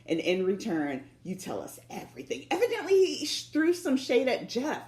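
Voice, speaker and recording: A woman's voice: on the high side, moderate pace. A woman podcast co-host in casual chat, telling stories with lots of acted-out quotes and frequent laughter. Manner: animated storytelling, acting out quotes, laughing often. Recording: echoey room.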